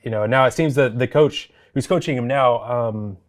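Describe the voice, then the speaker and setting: A man co-hosting a throws podcast, speaking softly and hesitantly with many pauses and fillers. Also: mid-range voice. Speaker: throws coach, podcast co-host. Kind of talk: casual sports chat.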